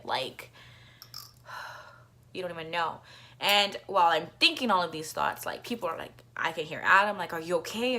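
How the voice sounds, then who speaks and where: A woman's voice: mid-range voice, fairly bright tone. Rambling woman vlogger telling a story. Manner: rambling, full of "like" fillers, profane; coughs now and then. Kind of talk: casual storytime monologue.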